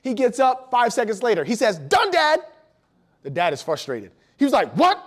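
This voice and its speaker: A man with a high voice gives a motivational talk to school staff, speaking energetically before an audience in a large room. He tells stories and keeps asking the listeners questions. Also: sing-song, fairly quick.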